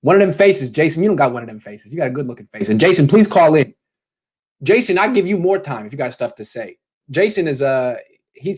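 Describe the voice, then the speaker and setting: A man's voice: fairly high pitch, sing-song, fast, a little mellow, husky. Rambling man hosting a call-in show. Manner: loose, rambling, joking. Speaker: host.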